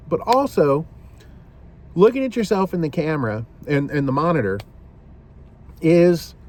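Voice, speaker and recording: A man's voice: on the high side, a little mellow. A man hosting a shaving video, talking casually to the camera in a rambling way, often repeating himself and saying "you know".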